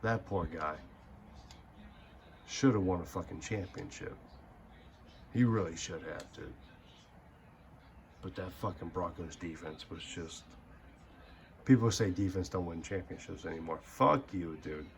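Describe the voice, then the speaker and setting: A young man with a low-pitched voice plays through a football video game and rants about players in a heated, rambling, heavily profane way. His voice stays casual but keeps getting fired up. A faint room hum sits under the recording. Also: measured pace, creaky, pauses often. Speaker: gaming channel host. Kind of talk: casual gaming commentary rant.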